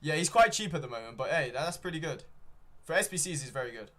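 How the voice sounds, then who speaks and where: Fast and expressive, a young man's slightly high, bright voice carries his live fan commentary of a football match during a watchalong stream. He rambles, says "um" frequently, and keeps correcting himself.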